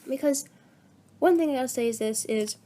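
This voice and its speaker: A teenage girl chatting aimlessly into her phone mic, meandering and a little self-deprecating. Her voice sits somewhat high for a woman, and she sounds a bit under the weather. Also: a little fast, dark tone. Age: teens. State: sick. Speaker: voice actor vlogger. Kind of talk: casual rambling vlog.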